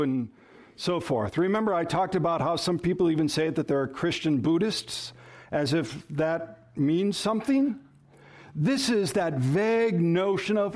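A man's voice: a little high, lively intonation, measured pace, a little mellow. Emphatic male pastor preaching. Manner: emphatic, varies stress and pace for effect. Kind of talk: sermon.

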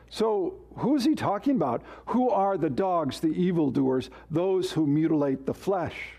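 Male pastor, sermon, emphatic, rhetorical questions, slightly high voice, unhurried. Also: lively intonation, mellow.

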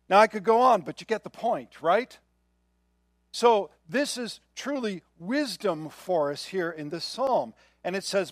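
A man's voice: sits high, animated, a little slow, fairly bright tone, dry recording, studio quality. An older man preaching a sermon in a conversational way, often checking in with the listeners. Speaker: pastor.

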